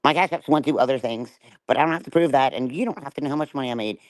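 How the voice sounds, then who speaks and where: A woman's voice: very deep voice, rapid-fire, no echo, low-quality recording. A middle-aged woman on a livestream, ranting in a confrontational, taunting way and swearing hard. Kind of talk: livestream rant.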